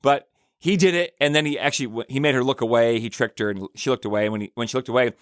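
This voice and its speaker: A man's voice: medium pitch, quick pace, dry recording, studio quality. A man hosting a church podcast, talking in a casual, earnest way and telling stories with frequent restarts. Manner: rambling, earnest, storytelling with restarts. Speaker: podcast host, church minister. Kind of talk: casual reflective podcast monologue.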